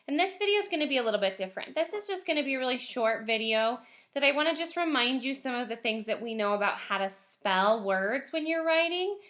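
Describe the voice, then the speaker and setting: A woman teaching first graders in a recorded lesson, speaking gently and stretching words out slowly so children can hear the sounds. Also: a little high. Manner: gentle, encouraging teacher voice for young kids.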